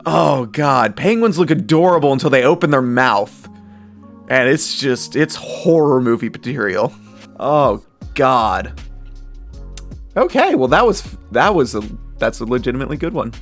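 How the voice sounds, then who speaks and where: A young man giving casual, chatty commentary as he reacts to memes, with frequent laughs and animated asides. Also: medium pitch, measured pace, soft background music.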